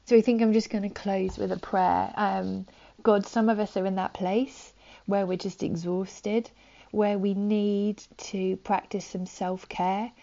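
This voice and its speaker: A woman giving a gentle, conversational sermon, soft-spoken with frequent likes and ums, on a dull lo-fi recording. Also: mid-range voice, level tone, measured pace, creaky. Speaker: preacher.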